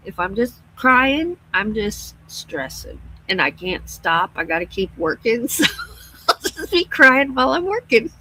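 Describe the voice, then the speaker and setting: A woman's voice: medium pitch, bright, forceful tone, a little hiss or hum, poor audio. A middle-aged woman chatting casually on her livestream, laughing often and reading out viewer comments. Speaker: livestream host. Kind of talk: casual live-stream chat.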